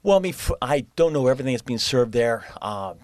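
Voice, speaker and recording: A man, a former chef, guesting on a podcast and telling lively anecdotes in a casual chat. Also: medium pitch, quick pace, dry recording. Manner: animated anecdotes with quoted voices. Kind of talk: casual interview storytelling.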